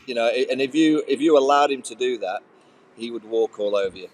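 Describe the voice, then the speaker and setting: A man's voice: medium pitch, fairly quick, low-quality recording. A middle-aged man, a former cricketer, telling casual anecdotes on a podcast with easy laughter. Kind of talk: casual podcast chat, storytelling.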